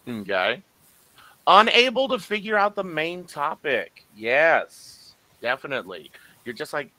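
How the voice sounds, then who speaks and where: Animated, bright-voiced male English teacher. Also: on the high side, slow, no room sound, low-quality recording. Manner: animated and joking, acting out confused listeners. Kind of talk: live online lecture. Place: online class.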